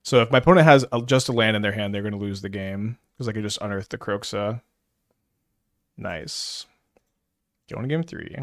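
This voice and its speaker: A man's voice: on the low side, normal speed, long pauses, dry recording, clean studio sound. Stuttering man thinking aloud. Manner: stutters, many restarts and fillers. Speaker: streamer playing online card game. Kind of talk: casual live gameplay commentary.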